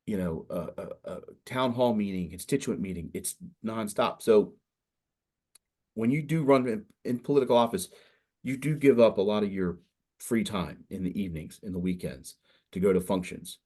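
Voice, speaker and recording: A middle-aged man with a low voice speaks to a room of students as an invited legislator. He talks loosely and conversationally, drifting from point to point and leaning on "you know" as he thinks aloud. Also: moderate pace, mellow. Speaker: state senator, guest speaker. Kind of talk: casual talk to students.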